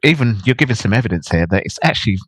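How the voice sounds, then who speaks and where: A man's voice: mid-range voice, animated, fairly bright tone, breathy edge, dry recording. A man with a London accent hosting a casual interview, laughing easily and restarting his sentences. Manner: chuckles often, halting restarts. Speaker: podcast host.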